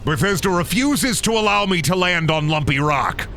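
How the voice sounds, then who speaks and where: Man, game streamer, jokey and foul-mouthed, animated swinging pitch, bright edge. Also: moderate pace, a little hiss or hum. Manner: joking, profane, talks to himself. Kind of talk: casual gameplay commentary.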